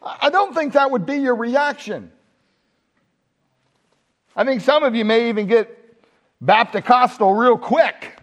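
A male pastor giving a Sunday sermon, animated and humorous, asking the congregation rhetorical questions. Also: very high voice, a little slow, pauses often.

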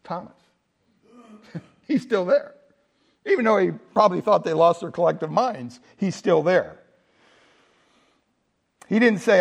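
A male pastor giving a Sunday sermon, animated and humorous, asking the congregation rhetorical questions. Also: high-pitched, unhurried, vocal fry, pauses often.

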